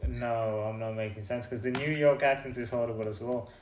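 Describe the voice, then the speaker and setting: A man's voice: medium pitch, steady tone, brisk, a little mellow, slight background noise. Wry man in an echoey room. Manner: opinionated, wry, joking complaints. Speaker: podcast co-host. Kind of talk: casual chat.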